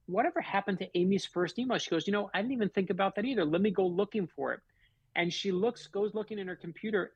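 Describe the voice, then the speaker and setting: Male guest author, gravelly and a bit husky, animated storyteller who acts out the dialogue, dry close mic. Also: on the high side, no echo, low-quality recording. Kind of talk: storytelling in a radio interview.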